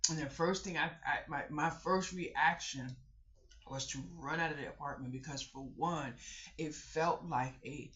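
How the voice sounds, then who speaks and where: A woman's voice: sits low, measured pace, a bit bright, lo-fi sound. A woman telling viewers a personal story in a casual, colloquial way, talking to them directly and restarting often.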